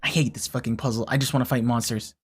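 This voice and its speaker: A game streamer giving casual live commentary, talking a puzzle through out loud and swearing often in frustration. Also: mid-range voice, fairly even intonation, fast, breathy edge.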